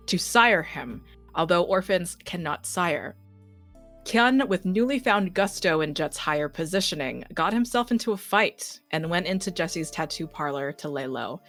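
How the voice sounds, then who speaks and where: A young woman acting as game master, reading a campaign recap in a brisk, matter-of-fact way. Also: lowish voice, fairly bright tone.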